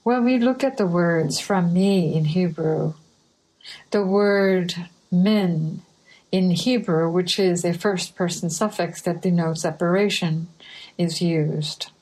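A woman delivering a sermon at an unhurried, careful pace. Her voice sits a little low, and she reads each line of scripture deliberately, with pauses between phrases. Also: a little mellow, rough recording. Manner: measured, deliberate scripture reading. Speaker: preacher. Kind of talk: slow sermon reading.

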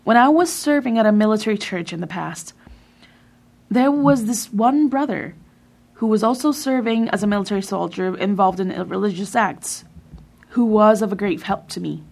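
A woman reading a translated sermon in a measured way, with emphatic pauses. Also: medium pitch, vocal fry, darkish tone. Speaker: sermon reader.

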